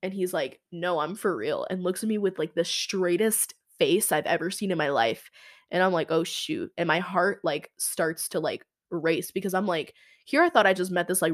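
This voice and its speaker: Young adult female podcast host, lower-pitched, casual chatty storytelling with constant fillers. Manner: chatty, fillers of "like", quoting herself and others.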